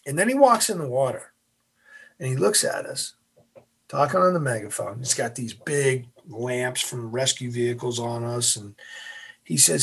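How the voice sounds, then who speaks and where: A man's voice: mid-range voice, lively intonation, normal speed, creaky, a bit bright, slightly rough. A man, a former navy officer, telling a story as a guest in an interview, acting out the voices.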